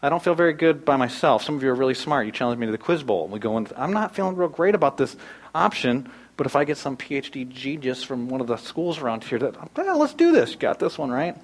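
A man in his thirties preaching a sermon, animated, swinging from loud bursts to hushed asides. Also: mid-range voice, fast talker, rough recording. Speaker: pastor.

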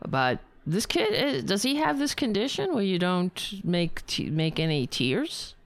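A woman's voice: mid-range voice, very animated, unhurried, vocal fry, no echo. A woman hosting a show and delivering political commentary in a profane, sarcastic and indignant way. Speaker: show host.

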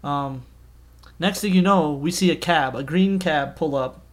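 Laid-back man chatting on a podcast. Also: fairly high pitch. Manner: relaxed, with frequent "um" pauses. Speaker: podcast co-host. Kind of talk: casual storytelling chat.

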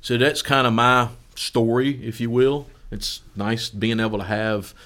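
A man's voice: medium pitch, measured pace. A middle-aged man, a golf course superintendent, telling stories in casual chat and acting out quoted lines. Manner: laughs through his stories, animated quoting.

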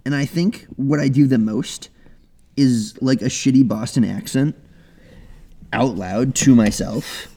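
A man's voice: medium pitch, unhurried, mellow. A man co-hosting a casual chat, rambling and joking with lots of restarts. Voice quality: rambling, many fillers and restarts. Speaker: podcast co-host.

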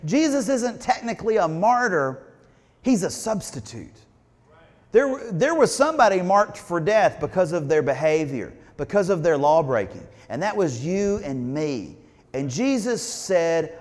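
A man's voice: high-pitched, very animated, a little slow, in a large hall. A man preaching a sermon in a church, talking conversationally and asking the congregation questions. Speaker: pastor. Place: church sanctuary.

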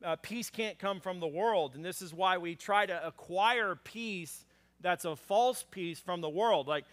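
A man preaching a sermon as pastor, conversational and animated, with frequent fillers and acted-out lines for scripture characters. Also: high voice, unhurried. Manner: acts out scripture characters in a raised voice.

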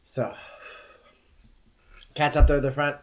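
A man running a tabletop game as game master, narrating in a lively, jokey way. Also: mid-range voice, normal speed.

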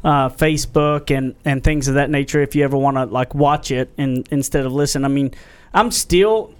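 A man's voice: mid-range voice, normal speed, clean tone. A man hosting a casual podcast, talking in a chatty way with frequent restarts. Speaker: podcast host.

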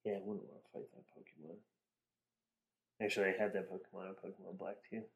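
A man's voice: low-pitched, little pitch movement, fast, vocal fry. A young man co-hosting a podcast, chatting casually in a laid-back way with dry jokes. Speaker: podcast co-host. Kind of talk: casual chat.

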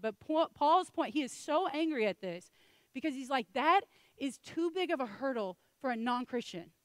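Animated woman preaching a sermon. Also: high voice, dry recording. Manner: animated, acts out quoted voices.

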